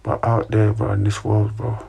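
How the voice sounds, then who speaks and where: A young man talks casually to his livestream chat in a flat, low, husky voice. He speaks with a mellow, dark tone, dropping "bruv" and "innit" into nearly every line while he gives earnest advice. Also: normal speed. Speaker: livestream host.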